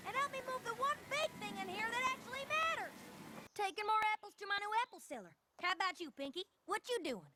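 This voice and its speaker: Applejack, drawling country pony. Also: female voice, very high-pitched, very noisy. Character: hardworking country farm pony girl. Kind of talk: cartoon voice acting. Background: music.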